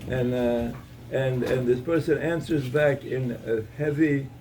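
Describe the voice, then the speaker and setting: A man giving a Torah talk at an evening gathering, telling a story in a halting way, with many repeated words and restarts. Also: medium pitch, steady tone, warm tone, far from the mic, slight background noise, poor audio.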